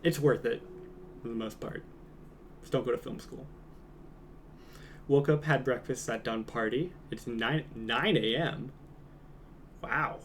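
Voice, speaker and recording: Streamer: young man, mid-pitched, joking and rambling, faint hiss under the mic. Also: a little slow, pauses often. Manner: joking, chatty, trails off and mumbles at times. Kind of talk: casual chat reading stream comments.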